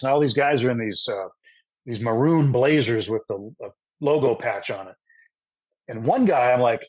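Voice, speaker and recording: A middle-aged man, a sports broadcaster, telling a long anecdote in an interview with lively asides and frequent fillers. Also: medium pitch, normal speed, husky, no echo, rough recording. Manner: animated anecdotal storyteller with fillers. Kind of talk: storytelling in an interview.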